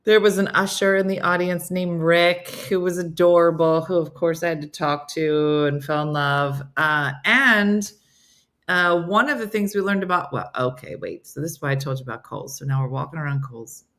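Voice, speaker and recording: Middle-aged lady host, kinda low voice, just chatting and telling stories. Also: normal speed, fairly bright tone. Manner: chatty storytelling, reads viewer comments aloud. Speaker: host of a comedy morning show. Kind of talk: casual chat.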